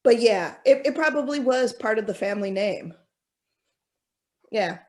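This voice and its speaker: A woman's voice: on the high side, expressive, a little slow, a little mellow. A young woman co-hosting a casual podcast, chatty and thoughtful, with many fillers. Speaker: co-host.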